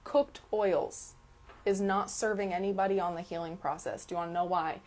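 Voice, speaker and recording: A woman's voice: lowish voice, steady tone, normal speed, darkish tone. A woman hosting a live stream Q&A as a health coach. She talks with emphasis, repeats key words and often checks in with "okay?". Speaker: detox health coach answering viewer questions.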